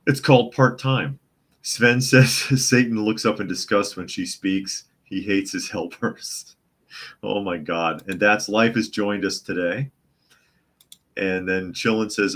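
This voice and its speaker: A man's voice: low voice, fairly bright tone. A male podcast host giving live news commentary, reading viewer comments aloud with scornful chuckles. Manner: mocking, chuckling while reading chat comments.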